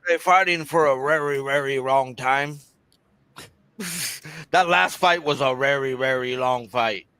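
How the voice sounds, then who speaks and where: A man's voice: medium pitch, a little slow, pushed and bright, clear, resonant tone. A man in middle age chatting casually on a live sports show, telling jokey stories with plenty of swearing. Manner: profane, jokey storyteller. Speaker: guest co-host. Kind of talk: casual chat.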